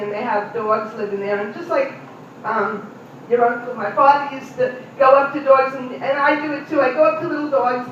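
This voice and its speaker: A woman's voice: high-pitched, a little hiss or hum. A middle-aged woman doing a stand-up comedy routine, chatting directly with audience members in a live venue. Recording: distant, echoey, muffled room recording.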